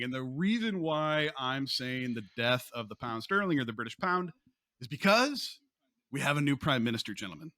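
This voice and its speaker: A man hosting a casual podcast who talks in a lively, joking way with frequent restarts. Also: medium pitch, no room sound, clean studio sound. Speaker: podcast host.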